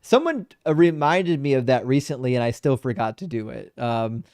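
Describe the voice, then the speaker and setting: A man hosting a debate livestream, reading out super chats in blunt, profane, animated casual talk. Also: medium pitch, moderate pace, dry recording, studio quality. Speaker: debate show host.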